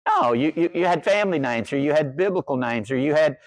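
A man's voice: a little high, animated, quick pace, no room sound. An older man preaching a sermon, telling a humorous story in a folksy way. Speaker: pastor.

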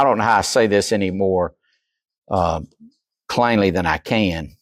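A man preaching a sermon, acting out quoted voices and dropping from loud to near whisper. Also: sits low, measured pace, no room sound. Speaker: pastor.

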